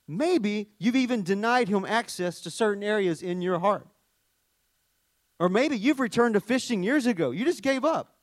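A man preaches a sermon in a high, bright-pitched voice. He sinks to hushed, tender lows, then climbs to loud, emphatic peaks and asks the congregation questions. The sound is dry and close, with little room echo. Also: expressive, normal speed. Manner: talks to the congregation, asking questions. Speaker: pastor.

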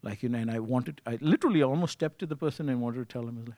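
A man's voice: mid-range voice, quick pace, warm tone. A man preaching a sermon in a conversational way, often asking "you see" and acting out his own thoughts. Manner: acts out his own inner voice in quotes.

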